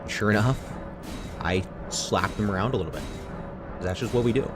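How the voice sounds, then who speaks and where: A man casually commentating his own speedrun, excitable and self-mocking, swearing freely. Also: fairly low pitch, fairly quick. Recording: game music clearly behind the voice. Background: game music.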